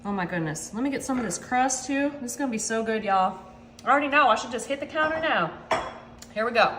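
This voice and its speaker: A chatty woman walks viewers through a recipe in her home kitchen, her voice sitting high and bright. She keeps saying y'all and gushing about the food. The kitchen sounds echoey, with a faint hum of room noise behind her. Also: expressive, fast. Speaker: cooking vlogger. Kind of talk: casual cooking demonstration.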